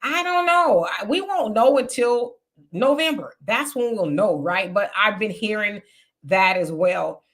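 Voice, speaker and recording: Casting note: woman, live-stream host, clear bright tone, chatty, answers viewer comments. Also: mid-range voice, animated, measured pace. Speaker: livestream host reading chat comments. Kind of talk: casual live-stream chat.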